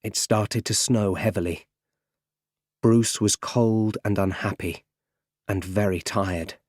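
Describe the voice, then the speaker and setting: Slow, plain-spoken male storyteller. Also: fairly low pitch, fairly even intonation, darkish tone, dry recording, studio quality. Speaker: audiobook narrator. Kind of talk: scripted audiobook narration.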